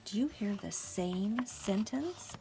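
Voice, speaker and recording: A middle-aged woman teaches little children in a slow, deliberate, sing-song voice of middle pitch. She lifts her tone brightly, then sinks to soft hushed whispers, with faint music in the background. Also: expressive, vocal fry. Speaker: preschool teacher. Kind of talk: children's lesson and storybook read-aloud.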